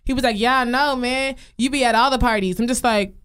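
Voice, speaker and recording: A woman telling animated stories in a casual chat, acting out what people said. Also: a little high, fairly quick, clear, resonant tone. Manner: animated storytelling, quotes people. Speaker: podcast co-host.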